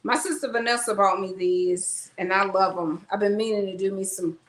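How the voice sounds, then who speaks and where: A woman's voice: medium pitch, moderate pace. A woman chatting casually to her viewers while unpacking groceries at home. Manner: chatty, rambling, talks to viewers as y'all. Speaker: vlogger. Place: at home, kitchen. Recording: echoey room, faint noise.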